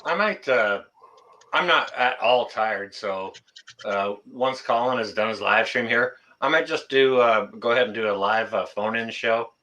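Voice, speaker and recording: A man's voice: mid-range voice, a little slow, pushed and bright, poor audio. A man in casual livestream chat, teasing and assertive with the others. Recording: faint background noise.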